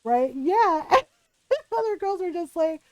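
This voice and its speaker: High-voiced woman telling a story to her stream. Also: slow, no room sound, rough recording. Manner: animated, laughing often, keeps asking "right?". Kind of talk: casual storytelling to a live chat.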